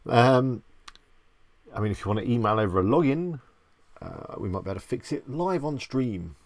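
A man's voice: mid-range voice, lively intonation, moderate pace, no room sound. A man hosting a casual live stream, chatty and self-deprecating, greeting viewers by name.

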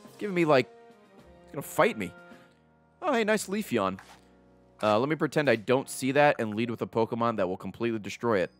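A man in his thirties commentating live on his gameplay, swearing and reacting loudly and excitably. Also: mid-range voice, brisk, pauses often, soft background music. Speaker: streamer playing a video game.

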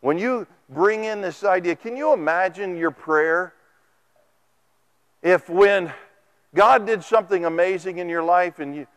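In a church sanctuary, a preacher speaks into a microphone as he gives a sermon. His voice is high for a man and lively, and he talks at a measured, smooth pace. His folksy style is packed with stories and quotes he acts out.

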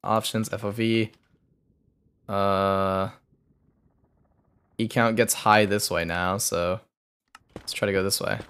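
A man's voice: on the low side, fairly even intonation, takes it slowly, long pauses, fairly bright tone, clear, resonant tone. Young man, game streamer, muttered self-talk, casual live commentary. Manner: mumbling running commentary to himself.

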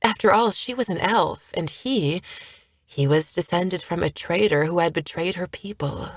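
A woman narrates a novel in a steady, measured storytelling voice. Her voice sits fairly low. The recording is close and dry, with no room echo. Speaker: audiobook narrator. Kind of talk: scripted narration.

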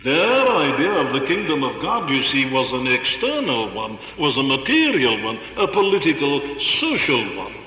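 A man's voice: mid-range voice, big pitch swings, moderate pace, hardly any pauses, bright, forceful tone. A man preaching a sermon in an earnest, rhetorical way, piling up emphatic repetitions. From Wales. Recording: echoey hall with long reverb.

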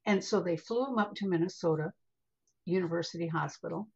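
An older American woman with a husky, breathy, fairly low voice tells a personal story as a podcast guest. She is chatty and animated, dropping in a casual "honey." The recording sounds a little dull and lo-fi. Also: brisk. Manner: chatty, calls the listener honey; animated, vivid retelling with acted asides. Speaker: podcast guest, spiritual healer.

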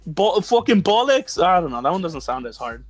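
A man with a high voice chats on a podcast, swearing freely and getting excited as he jokes around. A faint bed of music sits underneath him. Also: moderate pace, no echo. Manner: profane, excitable, joking. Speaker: podcast co-host. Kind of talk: casual chat.

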